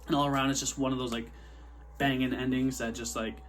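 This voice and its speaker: A man's voice: mid-range voice, flat delivery, fairly quick. A young man casually reviewing an old horror episode, rambling loosely, swearing freely and acting out quotes.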